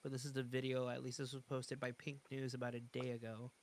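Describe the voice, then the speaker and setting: A podcast co-host in casual chat, speaking hesitantly with many filler pauses. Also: medium pitch, level tone.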